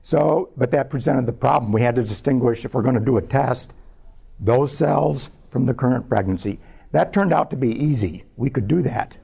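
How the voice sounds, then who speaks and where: Gravelly man telling a lab story. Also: medium pitch, mellow. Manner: measured, anecdotal storytelling. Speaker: scientist giving a public talk. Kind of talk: lecture told as a personal story.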